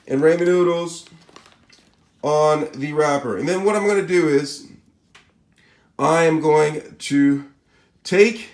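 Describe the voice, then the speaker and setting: Man, Spanish accent, cooking demo, slightly higher voice, echoey room, casual check-ins. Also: takes it slowly, pauses often. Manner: casual, repeats "all right?" and "okay?" to check in. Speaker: cooking channel host. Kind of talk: step-by-step cooking demonstration.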